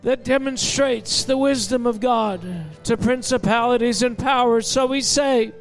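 A man leads fervent intercessory prayer in a very high voice. He draws out every phrase slowly and shouts his pleas. Soft music plays underneath. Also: steady tone. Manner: impassioned, shouted pleading. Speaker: prayer leader. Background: faint music.

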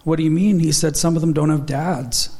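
A man in his thirties preaching a sermon, his voice sitting a little high for a man. He tells personal stories with earnest conviction and acts out the conversations in them. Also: fairly even intonation, a little fast, dark tone. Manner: storytelling, earnest, quotes dialogue in his stories.

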